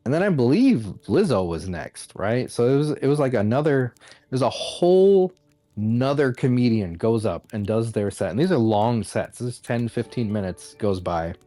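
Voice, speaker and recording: Male podcast host, mocking comedic rant, mid pitch, dry close mic. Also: normal speed, no room sound. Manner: animated, mocking, laughs often.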